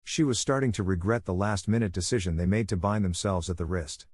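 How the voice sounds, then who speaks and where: A man narrating a fan fiction audiobook in a steady storytelling manner. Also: low-pitched, fairly quick, husky, no echo, clean studio sound.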